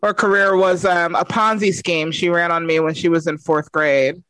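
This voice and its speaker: A woman's voice: fairly low pitch, moderate pace, dry recording. A mother telling a story about her young daughter in a casual chat, acting out both sides of the dialogue. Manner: expressive, acts out the dialogue. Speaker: mother, podcast guest.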